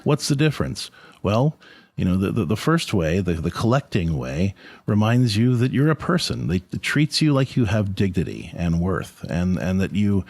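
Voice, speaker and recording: Earnest middle-aged man, lively low voice. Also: moderate pace. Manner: earnest, conversational, repeats words when restarting. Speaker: podcast host, Catholic family counselor. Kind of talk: reflective faith-based parenting talk.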